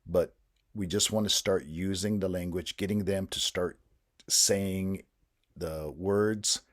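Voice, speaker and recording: Deep-voiced man, patient teacher trainer, steady explanatory delivery. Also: slow pace. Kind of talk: instructional explanation.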